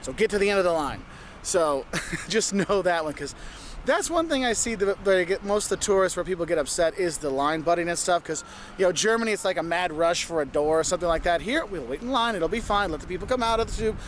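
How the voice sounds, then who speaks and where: High-voiced man giving travel tips. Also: lively intonation, quick pace, a little hiss or hum. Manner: instructive, repeats points, checks with "okay?". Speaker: travel vlogger. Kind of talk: travel advice vlog.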